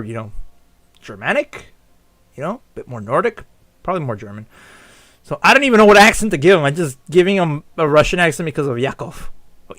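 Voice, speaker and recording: A man's voice: on the high side, fairly bright tone, dry recording. A man streaming as a VTuber, giving casual gameplay commentary with a jokey manner and frequent laughter.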